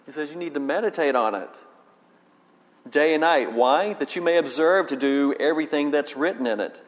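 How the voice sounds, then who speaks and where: A man preaching a sermon as a pastor, reading scripture slowly with emphasis and then explaining it in plain talk. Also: fairly high pitch, expressive. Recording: long hall reverb.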